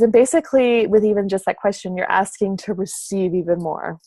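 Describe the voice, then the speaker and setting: A woman's voice: mid-range voice, brisk, dark tone, no echo. A woman hosting her own show, casually telling an everyday story and acting out both sides of the conversations. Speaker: show host and facilitator.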